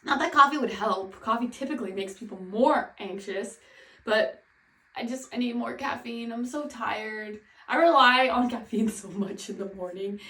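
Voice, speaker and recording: A woman's voice: fairly high pitch, normal speed, bright, forceful tone. A woman vlogging at home in casual chat, nervous and rambling as she talks herself through a task. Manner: nervous, rambling, self-talk with nervous laughs. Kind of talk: casual vlog talk. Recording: echoey room, voice from a distance.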